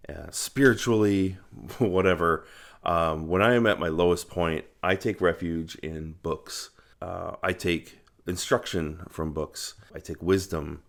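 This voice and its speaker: A man talking about books on his video channel in a reflective, earnest way, pausing often with ums. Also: low-pitched. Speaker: book vlogger. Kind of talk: casual book review monologue.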